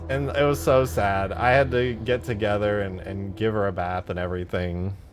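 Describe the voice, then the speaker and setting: A young man chatting casually on a live stream while modding a game, laid-back, breaking into animated storytelling. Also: lowish voice, moderate pace, slight background noise. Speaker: streamer and modder.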